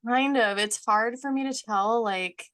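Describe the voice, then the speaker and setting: A woman's voice: fairly high pitch, a little slow, fairly bright tone, smooth. A woman from the United States, a guest chatting casually, with many "like" fillers and frequent laughs. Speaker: author guest. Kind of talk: casual conversation.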